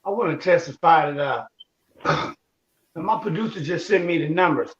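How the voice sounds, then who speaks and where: High-voiced man ranting on a video call. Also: lively intonation, normal speed, dull audio. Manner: mock-angry, profane, loud rants. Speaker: comedian. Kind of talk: profane stand-up rant. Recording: echoey room with faint noise.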